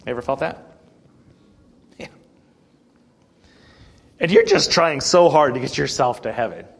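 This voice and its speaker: A male pastor giving a conversational sermon, plain-spoken, asking the congregation rhetorical questions and often clearing his throat. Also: medium pitch, lively intonation, unhurried.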